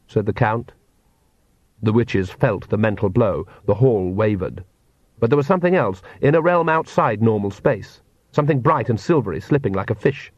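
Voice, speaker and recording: A man's voice: medium pitch, normal speed, no room sound. Man narrating an audiobook, dull and dry.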